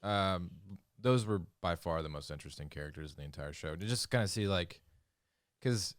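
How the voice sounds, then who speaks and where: Deep-voiced man chatting casually. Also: expressive, brisk, no room sound, clean studio sound. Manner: rambling, restarts often, jokey. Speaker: podcast co-host. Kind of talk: casual chat.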